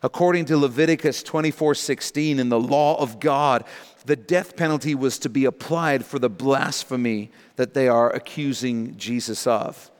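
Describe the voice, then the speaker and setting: Emphatic preacher with a hall echo. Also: male voice, mid-range voice, moderate pace, smooth. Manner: emphatic, with conversational asides. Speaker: pastor. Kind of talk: sermon teaching through scripture.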